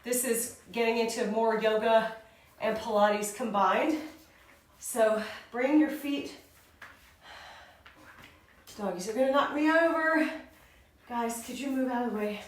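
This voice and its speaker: Winded woman counting reps in a workout, slow talker, really echoey room, kinda far from the mic. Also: fairly high pitch. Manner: counts reps and cues moves, often breathless. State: out of breath. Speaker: fitness instructor. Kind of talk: workout instruction.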